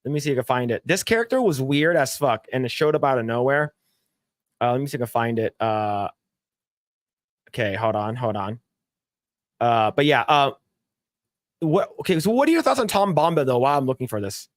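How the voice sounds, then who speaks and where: A man hosting a casual podcast, laughing often and swearing freely while he acts out scenes in quick put-on voices. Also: mid-range voice, lively intonation, no echo, clean studio sound. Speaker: podcast host. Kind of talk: casual chat.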